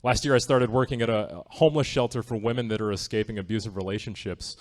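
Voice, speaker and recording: Performing stand-up in a theatre, a man speaks fast in a slightly mellow voice on the low side, with a steady tone. He keeps it loose, wry, and conversational, frequently checking with the crowd by asking "right?".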